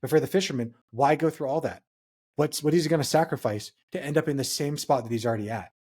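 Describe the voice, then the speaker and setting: Young male podcast co-host from Hawaii, husky and dark-toned, reflective and earnest. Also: a little high, fast. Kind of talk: casual podcast chat.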